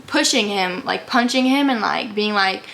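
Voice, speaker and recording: Background noise accompanies this young adult woman's gravelly, mid-range voice as she recounts a personal story at a moderate pace. It's a casual vlog, meandering and full of "like," with quotes acted out.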